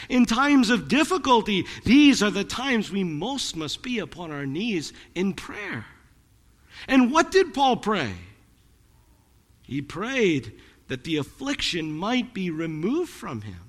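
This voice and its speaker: A man's voice: sits high, fairly bright tone, big-room sound. A man pastor preaching a sermon to his congregation in a church, earnest and dramatic. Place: church sanctuary.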